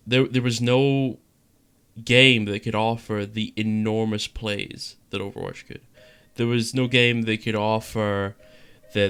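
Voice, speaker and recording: A man's voice: medium pitch, a bit bright, smooth. A young man giving casual opinion commentary on a game, frustrated and rambling, restarting phrases and asking if you know what he means. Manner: frustrated, rambling with repeated restarts and filler questions. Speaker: gaming video creator.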